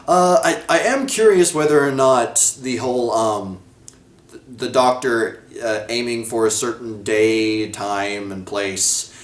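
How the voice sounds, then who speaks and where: A man's voice: mid-range voice, slow. Rambling man with a roomy echo. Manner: rambling, self-correcting, laughs often. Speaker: episode reviewer. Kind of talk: casual video review. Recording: echoey room.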